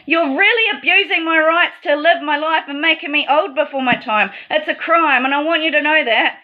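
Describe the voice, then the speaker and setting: A woman's voice: high-pitched, moderate pace, narrow, tinny audio. A woman delivering an aggrieved, accusatory monologue straight to the viewer. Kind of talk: emotional monologue to camera.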